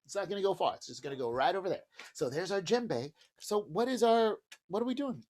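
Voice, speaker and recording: A man's voice: sits high, lively intonation, brisk, a little mellow. A man teaching a music lesson to preschoolers, speaking cheerfully and directly to young children, with singing and drumming between explanations. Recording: home video with drum and banjo music.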